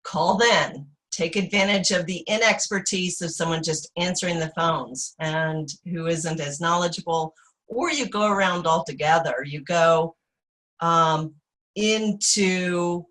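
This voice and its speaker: A woman's voice: fairly low pitch, unhurried, fairly bright tone, low-quality recording. A woman giving practical recruiting advice in a casual, matter-of-fact way.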